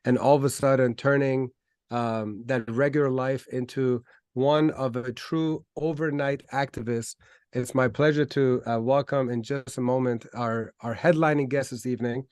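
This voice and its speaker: A man's voice: medium pitch, steady tone, normal speed, darkish tone, clear, resonant tone, no echo. A man hosting an online talk show, speaking enthusiastically with frequent ums and restarts. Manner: enthusiastic, hesitant with fillers. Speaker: host.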